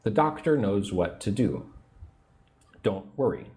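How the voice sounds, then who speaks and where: A man teaching English on a livestream, speaking slowly and patiently and repeating phrases for learners. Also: on the low side, very animated, a little mellow. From United States.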